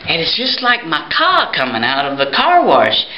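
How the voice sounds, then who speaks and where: A Sunday school teacher telling a silly memory story for children in slow, singsong chanting. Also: medium pitch, huge pitch swings, a little hiss or hum. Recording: roomy, dull home video recording.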